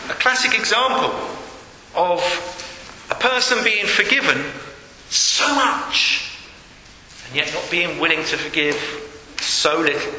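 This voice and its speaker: A man's voice: high-pitched, sharp tone, a little hiss or hum. A man preaching a sermon, reading scripture aloud and asking rhetorical questions. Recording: echoey hall, faint ambience.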